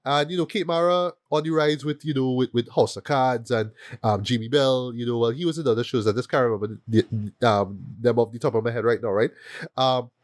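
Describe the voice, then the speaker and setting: A man hosts a casual film review podcast, talking animatedly, repeating words and often stopping to ask "right?" His medium-pitched voice is brisk, recorded at studio quality with no echo.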